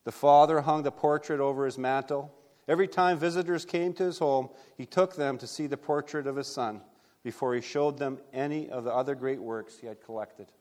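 Pastor in a reverberant church hall. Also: male voice, mid-range voice, a little fast. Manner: earnest, steady storytelling with small restarts. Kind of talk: sermon storytelling and scripture reading.

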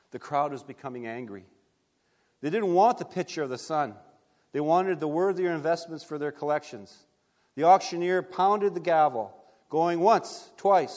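A man's voice: fairly high pitch, moderate pace, long reverb tail. A man preaching a sermon, telling a story earnestly and reading scripture aloud. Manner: earnest, steady storytelling with small restarts. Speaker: pastor.

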